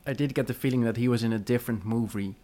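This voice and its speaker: A man co-hosting a casual film podcast, wry and critical with deadpan jokes. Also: mid-range voice, very fast. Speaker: podcast co-host.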